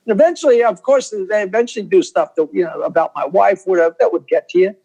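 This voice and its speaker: An older comedian guest on a video call, telling stories in a rambling, self-interrupting way. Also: male voice, high voice, animated, fast, warm tone, rough recording.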